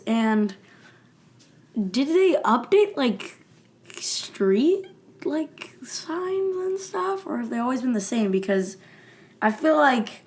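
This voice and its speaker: A young adult woman co-hosting a podcast in casual chat, musing aloud and asking questions that trail off. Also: on the high side. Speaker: podcast co-host.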